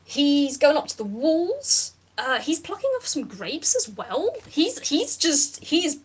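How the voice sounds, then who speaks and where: A woman's voice: sits high, very animated, slow. A woman running a tabletop game as game master, narrating in a rambling way with many fillers.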